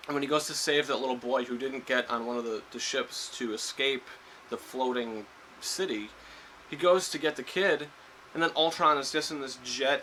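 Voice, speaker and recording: A man's voice: medium pitch, moderate pace, sharp tone, a little hiss or hum, low-quality recording. A man giving a casual spoiler review of a film, rambling with lots of fillers and restarts. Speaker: movie reviewer.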